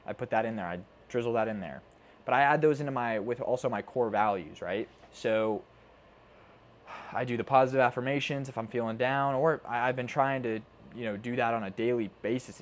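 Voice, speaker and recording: A man's voice: medium pitch, brisk. Earnest man giving a motivational talk. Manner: earnest, repeats himself, swears casually. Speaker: self-improvement coach. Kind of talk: casual motivational talk to camera. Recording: faint background noise.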